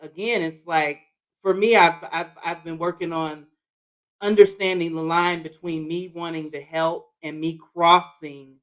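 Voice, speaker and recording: Lively podcast co-host who laughs easily. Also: mid-range voice, measured pace, rough recording. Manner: lively, laughs often, affirms with "that's right". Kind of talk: casual conversational talk.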